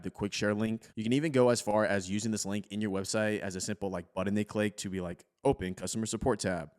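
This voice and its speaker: A man with a fairly low voice talks through a software tutorial over his screen recording. His delivery is relaxed and chatty, full of casual fillers like "like.". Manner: relaxed, conversational, peppered with "like". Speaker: tech tutorial host.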